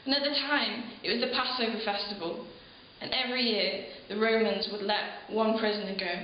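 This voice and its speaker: A woman's voice: a little high, lightly acted. A woman playing an earnest eyewitness townswoman. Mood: alarmed. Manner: earnest, emotional storytelling with breathy laughs and sighs. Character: ordinary townswoman recalling the crucifixion, earnest. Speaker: eyewitness in a church program video. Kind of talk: dramatic first-person monologue. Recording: very echoey room, dull sound, faint hiss.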